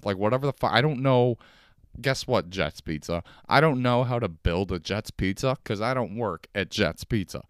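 A man with a low, smooth and resonant voice talks in a loose, rambling podcast rant, cursing freely and staying laid-back. The sound is dry and close. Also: animated, normal speed, no echo. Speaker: podcast host. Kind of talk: casual solo podcast rant. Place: home couch.

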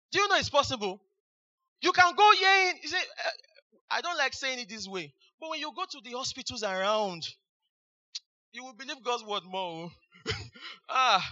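A man's voice: extremely high pitch, pushed and bright, muffled recording. A man preaching a fervent sermon, repeating hallelujah between Bible verses.

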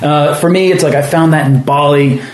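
A man hosting a podcast, telling travel stories in a reflective, animated way. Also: on the high side, moderate pace, a crowd in the background. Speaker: podcast host. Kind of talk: casual conversational chat. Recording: roomy echo.

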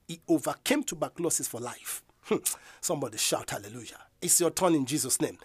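A man preaching a fiery sermon, emphatic and repetitive, building to loud proclamations. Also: a little high, big pitch swings, fast talker, slightly rough, no echo, studio quality. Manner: emphatic, repeats declarations, rises to loud proclamations.

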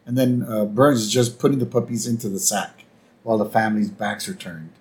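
A man's voice: fairly low pitch, a little fast. A man co-hosting a podcast, laid-back and chatty, agreeing with lots of "yep" as he recaps an episode. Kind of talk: casual chat.

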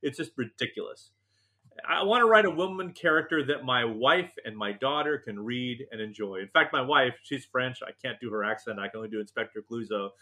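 A male writer being interviewed, telling animated, self-deprecating stories with jokes. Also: mid-range voice, a little fast. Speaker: novelist and TV writer, guest. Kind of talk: interview, anecdotal storytelling.

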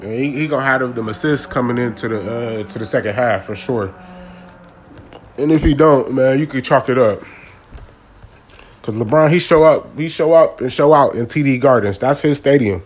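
A man's voice: medium pitch, moderate pace. A man, ranting casually and animatedly about a sports game in slangy talk. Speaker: sports commentator.

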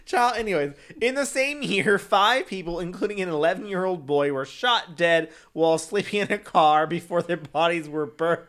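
A man's voice: sits high, normal speed, hardly any pauses, a bit bright. A man co-hosting a casual true-crime podcast, laughing often, swearing and using sassy slang. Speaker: podcast co-host.

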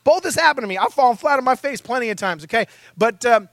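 A man preaching a sermon in a church, telling stories in an animated, self-mocking way. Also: extremely high pitch, fast talker, dry recording. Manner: animated, self-mocking storytelling, acting out his own panic.

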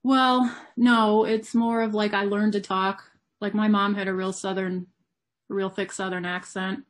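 Young woman guest, upstate New York accent, relaxed, quick to laugh. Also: mid-range voice. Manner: easygoing, laughs easily. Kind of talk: casual interview chat.

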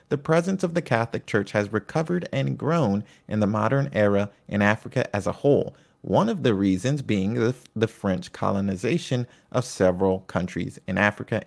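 A middle-aged man with a low, gravelly voice gives an informal lesson. He reads from prepared notes and breaks off into casual, chatty remarks. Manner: reads notes then adds chatty asides. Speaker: lecturer. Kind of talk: casual educational talk.

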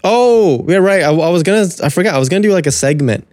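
A young man with a slightly higher voice chats easily on a podcast, teasing his friend and laughing through his sentences. The sound is dry and close, with no room around it. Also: animated, fast, a little mellow, no room sound. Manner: chatty, laughs often, teasing. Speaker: podcast co-host. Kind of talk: casual podcast chat.

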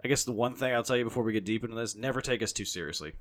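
A man's voice: medium pitch, very fast, fairly bright tone. A man hosting a podcast, chatting casually in a profane, rambling, jokey way. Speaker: podcast host. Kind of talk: casual chat.

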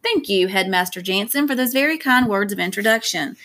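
A woman's voice: medium pitch, lively intonation, fairly bright tone, natural voice. A woman reading as a formal male school director. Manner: formal, measured speechmaking. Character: stern male school director giving a speech.

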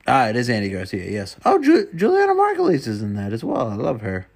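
A man's voice: mid-range voice, wildly swooping pitch, quick pace, gravelly, husky. A man chatting casually and rambling to himself while browsing online, swearing often and muttering under his breath. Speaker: vlogger.

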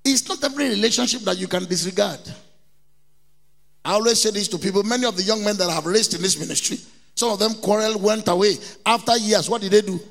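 A middle-aged Nigerian man preaching with a high, bright, gravelly voice. His delivery is emphatic, with key words hammered again and again. The sound rings with a long church-hall reverb. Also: quick pace. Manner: emphatic preaching, repeats key words, mimics people in anecdotes. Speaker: pastor. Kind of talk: sermon.

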